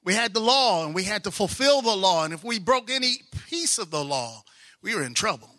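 A married man preaching a sermon, excitable, swinging from soft asides to loud exclamations. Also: sits high, fairly quick. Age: adult, married with children.

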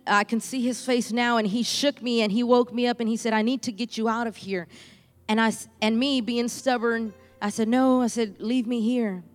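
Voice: mid-range voice, fairly even intonation, moderate pace, long reverb tail, soft background music. A church speaker from Houston giving a fervent preaching testimony, repeating phrases for emphasis. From Houston, Texas.

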